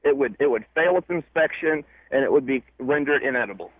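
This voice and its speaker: A man calling in to a radio show from a fairground, explaining things in a halting way with many restarts. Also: medium pitch, expressive, slight background noise. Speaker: caller. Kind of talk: call-in radio chat. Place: state fairgrounds. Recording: phone line.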